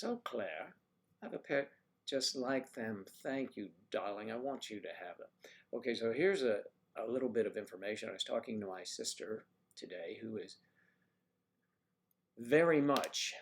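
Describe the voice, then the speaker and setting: Male livestream host, gravelly, lively pitch, chatty and teasing, greeting viewers by name. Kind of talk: casual livestream chat.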